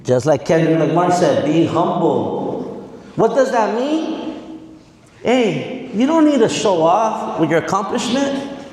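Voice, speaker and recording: A man in his forties with a fairly high voice delivers a lively motivational speech to a room of students. He keeps quizzing the crowd and slips Spanish words into his talk. His voice booms back from a large, very echoey hall with a long reverb tail. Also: a little slow. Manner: energetic, quizzes the audience, mixes in Spanish words. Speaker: guest speaker.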